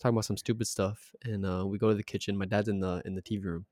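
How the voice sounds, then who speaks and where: A young man, co-hosting a casual podcast and telling a story with laughs, sometimes getting loud. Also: fairly low pitch, racing, no room sound, studio quality. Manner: animated storyteller, laughs often, gets loud. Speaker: podcast co-host. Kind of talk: casual chat.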